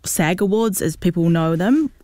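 A woman host leads a relaxed interview, asking questions and nodding along with quick agreements. Her voice is low but moves a lot in pitch, and the sound is dry and close. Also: dry recording. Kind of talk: casual interview chat.

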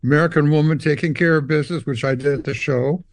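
An older Canadian musician, appearing as an interview guest, speaks in a fairly high, quick voice on a dry recording. He spins long stories with real animation, acting out dialogue and imitating guitar sounds.

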